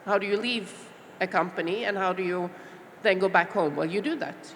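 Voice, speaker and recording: A middle-aged woman from Norway, speaking on a panel as a small business owner, heartfelt and reflective with many pauses and fillers. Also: mid-range voice, a bit bright. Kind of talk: panel discussion talk. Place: large expo hall stage. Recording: long hall reverb with faint background noise.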